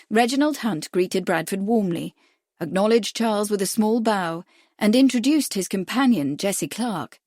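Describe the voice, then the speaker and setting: A woman narrating an audiobook mystery in a measured, even reading, close to the mic. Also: mid-range voice, no room sound. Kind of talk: scripted narration.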